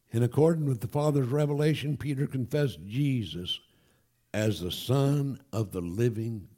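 A man preaching a sermon to his congregation, emphatic and animated, with folksy asides. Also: on the low side. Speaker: pastor. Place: church.

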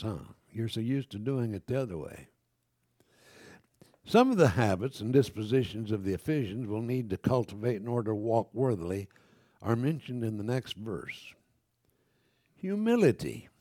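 An older man preaches a sermon, reading scripture and then talking straight to his congregation. His voice swings widely in pitch and has a mellow, darker tone. The sound is dry and close. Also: moderate pace, pauses often, no room sound. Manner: lively preaching, reads scripture aloud, frequent self-corrections; conversational asides to the congregation.

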